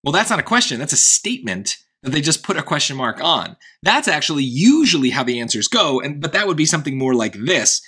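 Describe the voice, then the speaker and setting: A man explaining a test question in a loose, chatty tutoring style, thinking aloud as he goes. His voice is bright and a bit husky, pitched slightly high for a man. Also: sing-song, a little fast, few pauses. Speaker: SAT tutor. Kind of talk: casual tutoring walkthrough.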